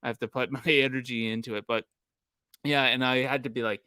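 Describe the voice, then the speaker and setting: A man from Canada with a smooth, resonant voice, telling a loose, rambling anecdote in casual podcast chat. He keeps a polite, easygoing tone, and the recording is dry and close. His pitch sits in the middle. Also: a little fast, pushed and bright, no room sound. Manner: rambling storyteller, self-described polite. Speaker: podcast co-host.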